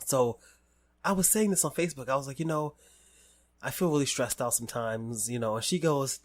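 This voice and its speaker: An American man hosts a podcast in loose, casual conversation. He speaks at an ordinary middle pitch, telling long personal stories and laughing easily along the way. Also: fairly quick. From United States. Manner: animated, laughs often, talks in long stories. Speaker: podcast host. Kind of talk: casual chat.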